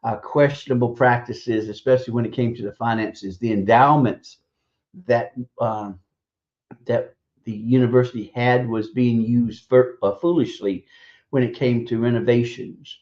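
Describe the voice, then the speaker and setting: A man in a mid-range voice delivers blunt, scornful radio commentary, cursing freely and pausing often as he gathers his thoughts. The stream audio is dull and lo-fi. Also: medium pitch, steady tone, darkish tone. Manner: hesitant, halting delivery with drawn-out pauses. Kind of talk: opinion commentary.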